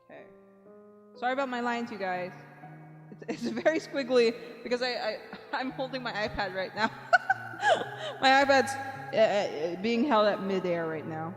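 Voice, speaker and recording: On a reverby recording with faint music behind her, a bubbly young woman streamer chats with viewers in a high-ish, animated voice at a moderate pace. She's an art streamer who counts aloud and giggles a lot.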